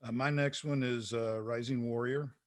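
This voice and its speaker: A man's voice: mid-range voice, steady tone, normal speed, dry recording, clean studio sound. A man hosting a podcast and talking about his novels in an easygoing way. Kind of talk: casual podcast chat.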